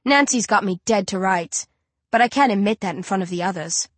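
A woman narrating a first-person story in an even, steady storytelling way. Her voice is of middle pitch and recorded close and dry, with no room sound. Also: a little fast, no echo. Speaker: audiobook narrator.

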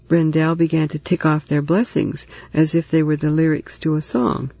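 A man reading a story aloud in steady, even narration. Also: on the high side, normal speed, creaky, few pauses, dry recording, muffled recording. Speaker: audiobook narrator. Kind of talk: scripted narration.

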